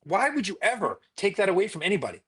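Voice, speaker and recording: A man, a physician, telling stories in a conversational interview in an emphatic, animated way. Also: sits high, fast, husky. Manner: emphatic, animated retelling with repetition.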